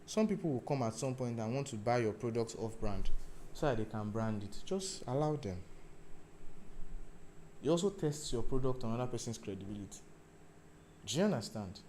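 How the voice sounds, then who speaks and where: A man giving a lively talk on stage. He acts out phone calls with sudden loud outbursts and keeps asking his listeners if they understand. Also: medium pitch, moderate pace, long pauses, a little hiss or hum. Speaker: speaker.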